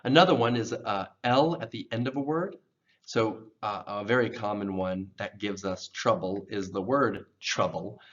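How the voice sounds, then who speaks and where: A man's voice: lowish voice, fairly bright tone, lo-fi sound. Patient man drilling English pronunciation. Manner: patient, drills words slowly and repeats them. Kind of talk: pronunciation lesson.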